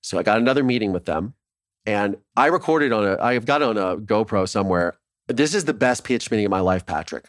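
A man from Ohio, a documentary filmmaker, telling his story in a casual interview in an animated way, swearing freely and acting out what others said. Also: lowish voice, brisk, no echo, clean studio sound.

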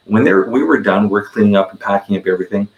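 A man's voice: fairly low pitch, fast talker, gravelly, reverberant, narrow, tinny audio. A man in his forties, a podcast guest, telling a story in casual conversation, rambling and repeating words as he goes.

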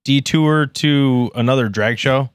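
A man co-hosting a podcast, telling stories in an animated, playful way. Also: medium pitch, measured pace, clear, resonant tone, no room sound. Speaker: podcast co-host. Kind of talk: casual podcast chat.

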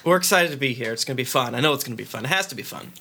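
A man guesting on a podcast with dry, self-deprecating humor. His voice is bright and clear, with faint noise and clicks behind it. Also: mid-range voice, expressive, very fast. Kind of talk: casual podcast chat.

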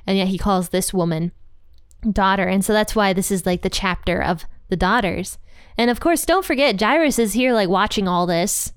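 A woman's voice: mid-range voice, clear, resonant tone, dry recording, studio quality. A woman giving a casual, chatty Bible commentary. She fills her talk with "like" and "you know" and laughs at parts of the story. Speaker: Bible teacher.

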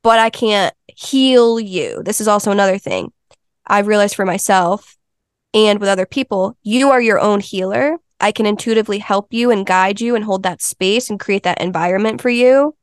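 A woman's voice: mid-range voice, moderate pace, clean tone, no echo, clean studio sound. A woman being interviewed as a healing counselor, telling stories in an earnest, chatty way. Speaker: Ayurveda health counselor and intuitive healer, interview guest. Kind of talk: casual interview chat.

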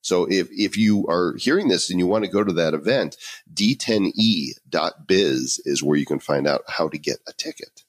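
A man's voice: low-pitched, expressive, normal speed, no room sound. A male podcast co-host in casual chat, upbeat and explaining things.

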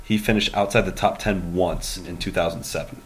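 A man hosting a casual podcast, with a voice on the low side. He talks eagerly and reels off stats and scores as he goes. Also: steady tone, normal speed, husky. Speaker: podcast host. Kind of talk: casual chat.

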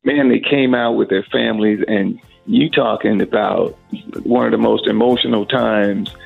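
A middle-aged man from Alabama tells an animated story, with a very gravelly, husky voice. The sound is narrow and phone-like, with faint music underneath. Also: lowish voice, normal speed. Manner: animated storyteller who acts out the voices of people he quotes. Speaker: singer, interview guest. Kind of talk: casual storytelling.

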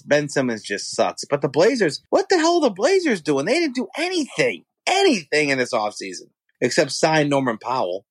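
A man co-hosting a casual sports talk show, excitable and quick to jump in. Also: husky, no room sound. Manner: excitable, swings up in pitch. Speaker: podcast co-host.

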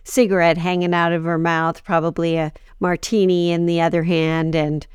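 A woman co-hosting a comedy podcast, reacting to the story in an excitable, breathless way. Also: lowish voice, normal speed, clean tone, no echo. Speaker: podcast co-host. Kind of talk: improvised comedy banter.

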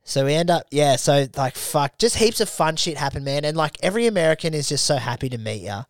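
A man's voice: fairly high pitch, animated, quick pace, no echo. Swearing young Australian man, tight dry sound. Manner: swears freely, acts out friends in quoted dialogue. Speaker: podcast co-host. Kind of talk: casual storytelling chat.

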